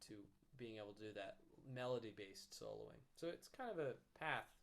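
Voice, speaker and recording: A man giving a relaxed music lesson, explaining soloing with fillers and now and then humming or singing a snippet. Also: lowish voice, brisk, gravelly. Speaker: music teacher. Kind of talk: casual instrument lesson. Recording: faint guitar music behind.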